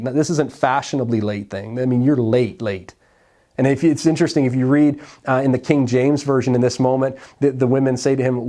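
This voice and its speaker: A male pastor giving a sermon in a conversational, storytelling way, often dropping to quiet, soft lines. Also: mid-range voice, fairly even intonation, a little fast.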